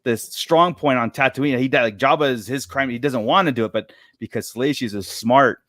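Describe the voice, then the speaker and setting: A man co-hosting a podcast who asks quick questions and laughs easily in casual chat. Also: medium pitch, a bit bright, dry recording, studio quality. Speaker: podcast co-host.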